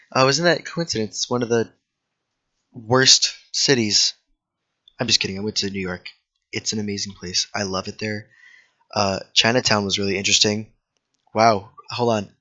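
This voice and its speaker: A man with a bright, forceful voice rambles excitedly through loose stories and cusses freely while playing a trivia game. He sounds close and dry, through a slightly dull, lo-fi desk mic. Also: on the low side, no echo. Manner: rambling, excitable storyteller who swears freely. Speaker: gaming video creator.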